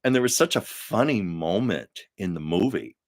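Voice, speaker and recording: Older man, live-stream host, rambling chatty stories, fairly low voice. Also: expressive, normal speed. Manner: chatty, rambling storyteller with frequent fillers. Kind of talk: casual live-stream chat.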